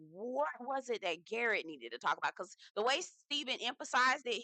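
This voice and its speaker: Young woman ranting about a dating show, bright sharp voice, sassy and blunt, dry close sound. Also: mid-range voice, no echo. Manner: sassy, blunt, swearing commentary. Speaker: TV recap reviewer. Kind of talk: casual reality TV recap.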